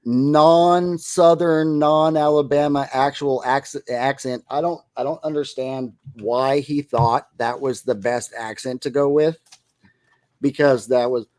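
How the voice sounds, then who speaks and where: A man's voice: medium pitch, steady tone, takes it slowly, darkish tone, dry recording. A man co-hosting a podcast, casually recapping a movie plot and rambling into restarts. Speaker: podcast co-host.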